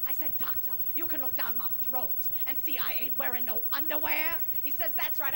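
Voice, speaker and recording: A woman's voice: high voice, fairly quick, creaky, pushed and bright, faint music behind, low-quality recording. A woman in her forties telling bawdy jokes on a concert stage in a brassy, teasing way. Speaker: singer and comedian on stage. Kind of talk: live stand-up joke telling in concert. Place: large concert hall stage.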